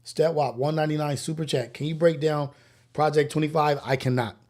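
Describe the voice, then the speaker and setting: A man's voice: a little high, fairly even intonation, fairly quick, a little mellow. A man hosting a morning livestream, reading out super chats and thanking viewers by name with blessings. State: slightly out of breath. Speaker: livestream host. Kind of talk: live show chat reading.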